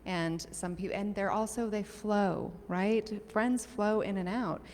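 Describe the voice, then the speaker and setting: A woman's voice: medium pitch, takes it slowly, a little mellow, long reverb tail, a little hiss or hum. A woman on a discussion panel who explains her ideas thoughtfully, building on images and comparisons.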